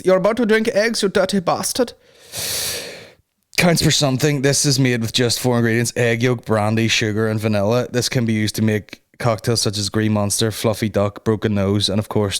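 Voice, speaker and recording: A man hosting a comedy podcast, rambling through a casual rant and swearing constantly. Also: on the low side.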